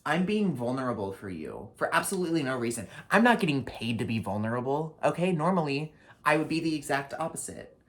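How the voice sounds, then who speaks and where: A young man with a mid-range voice runs through his year in a casual vlog. He is sassy and foul-mouthed and full of dramatic asides. He jumps from loud, punchy outbursts to low, dry mutters. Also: very animated, fairly quick. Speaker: vlogger and drag performer.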